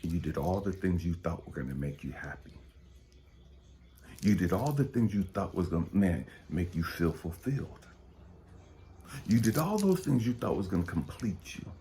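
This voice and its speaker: A man with a low voice delivers a blunt, preachy motivational monologue as a spiritual coach. His pitch leaps all over, from hushed whispers to forceful, profane peaks. A faint background hum sits under his voice. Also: sing-song, moderate pace.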